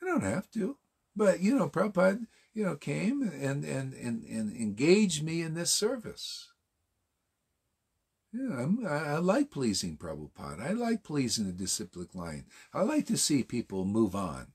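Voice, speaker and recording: A man's voice: fairly high pitch, huge pitch swings, measured pace, gravelly, a little mellow, breathy edge. A man giving an informal morning class sermon, casual and emphatic, full of rhetorical questions and slang. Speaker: spiritual teacher.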